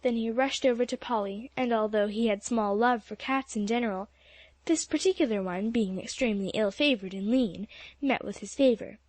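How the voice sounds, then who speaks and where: A woman's voice: a little high, moderate pace, darkish tone, no echo. A woman reading an audiobook aloud as narrator, telling the story steadily. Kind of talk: scripted narration.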